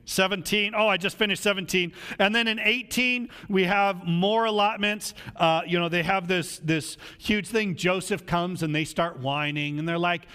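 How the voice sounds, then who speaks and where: High, animated preacher in a reverberant hall. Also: male voice, moderate pace, hardly any pauses, smooth. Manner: animated, conversational preaching that acts out quoted voices. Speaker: pastor. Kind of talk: sermon.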